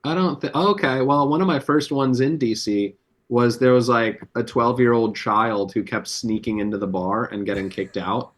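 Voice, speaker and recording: A comedian on a podcast, telling rambling, profane anecdotes with plenty of fillers. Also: male voice, medium pitch, steady tone, moderate pace. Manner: loose, profane storytelling with many fillers. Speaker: comedian guest.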